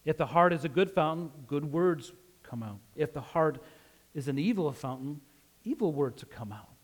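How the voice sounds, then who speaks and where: A man's voice: on the high side, expressive, moderate pace. A man from Utah with a slight Western drawl, preaching a conversational sermon and often asking "right?". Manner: conversational, asks "right?" often, laughs easily.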